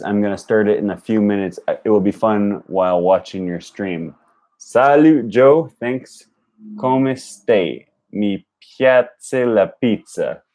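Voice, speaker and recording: A young man streams live in a relaxed, unhurried way, his voice low and mellow. He repeats practice phrases aloud and chats with viewers between them. He corrects his own slips as he goes. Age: young adult. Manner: laughs at own jokes, self-correcting. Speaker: language learning streamer. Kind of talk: casual live stream chat.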